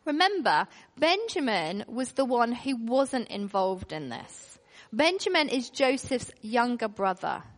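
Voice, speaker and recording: A woman preaching a sermon, retelling a story with expressive, emphatic delivery and pauses. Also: a little high, in a large hall.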